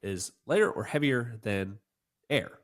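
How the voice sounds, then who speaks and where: Man, nasal, stuffy sick voice, casual podcast chat, lots of pitch movement. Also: expressive, measured pace. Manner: joking, rambling, quizzing his co-host. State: congested, sick voice. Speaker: podcast co-host.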